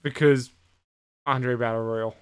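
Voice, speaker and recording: A man co-hosting a podcast, swearing freely in an animated, casual recap of the week. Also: mid-range voice, slow pace, clean tone. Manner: animated retelling, heavy swearing. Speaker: podcast co-host. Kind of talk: casual chat recapping wrestling.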